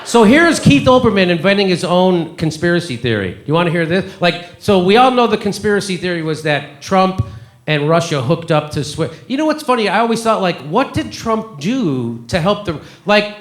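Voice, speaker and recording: A man's voice: sits high, big pitch swings, normal speed. A male comedian hosting a live show, ranting sarcastically with lots of swearing at an audience. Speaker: comedian host. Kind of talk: live stand-up commentary. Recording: echoey live room with crowd.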